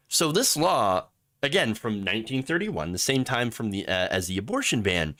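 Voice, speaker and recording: A man hosting a live political commentary show, sarcastic and animated, laughing at his own jokes. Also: mid-range voice. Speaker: host.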